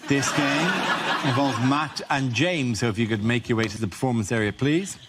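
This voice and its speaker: A man hosting a panel show, announcing the rounds in a measured, steady way. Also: medium pitch, very noisy. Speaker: host.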